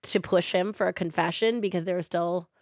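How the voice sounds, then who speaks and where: A woman hosting a podcast, casually retelling a true-crime story and paraphrasing quotes in quick animated bursts. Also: on the low side, dry recording, clean studio sound. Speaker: podcast host.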